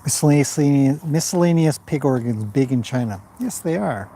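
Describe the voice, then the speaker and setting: A man's voice: medium pitch, normal speed, dark tone, a little hiss or hum. A man from western Canada hosting a casual outdoor livestream, rambling between updates and reading viewer comments aloud. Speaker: livestream host. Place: outdoors by a fire at a horse farm.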